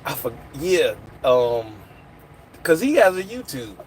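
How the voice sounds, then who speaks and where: A man's voice: fairly high pitch, big pitch swings, slow pace. Man, phone livestream host, rambling casual chat, faint traffic noise behind. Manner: rambling, chatty, answers chat comments. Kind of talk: casual live chat with viewers.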